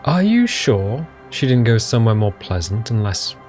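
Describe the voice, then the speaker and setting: A man's voice: medium pitch, big pitch swings, normal speed, a little mellow, soft background music. A man playing a video game in casual commentary, reading its text aloud with jokey asides. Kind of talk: casual let's-play commentary.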